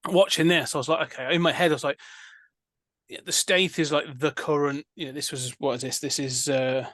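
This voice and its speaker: A man with a fairly high voice talks through a film on a podcast. He rambles and circles back, full of ums and restarts. The sound is close and dry, with no room in it. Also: steady tone, fairly quick, a bit bright, no room sound. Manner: rambling, hesitant, many fillers and restarts. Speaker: podcast co-host. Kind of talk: casual film discussion.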